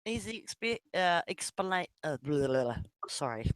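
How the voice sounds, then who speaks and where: A woman's voice: sits low, big pitch swings, unhurried, few pauses, no echo. Rambling, sweary New Zealand woman. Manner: rambling, swears freely, laughs often. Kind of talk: casual voice chat.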